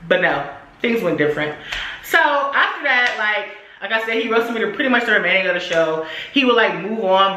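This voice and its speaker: A young adult woman vlogger telling a story casually, in animated, slangy, profane speech. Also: mid-range voice, fairly quick, a little hiss or hum. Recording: echoey room.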